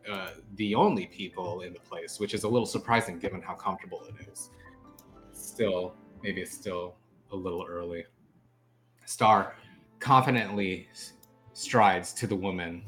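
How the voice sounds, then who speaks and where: A man with a lowish voice narrating as game master of a tabletop game, describing scenes loosely with frequent fillers. Faint music plays behind him. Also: fairly bright tone.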